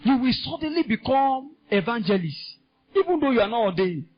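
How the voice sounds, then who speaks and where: A man preaching a sermon in a Nigerian English accent, impassioned and climbing into shouts. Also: extremely high pitch, very animated, fairly quick, faint music behind. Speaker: pastor. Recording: dull lo-fi sound.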